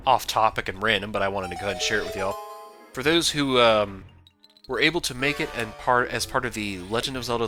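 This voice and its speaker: A man chatting casually over gameplay as a let's play host, rambling and animated. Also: fairly low pitch. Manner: chatty, rambling, animated outbursts and put-on character voices.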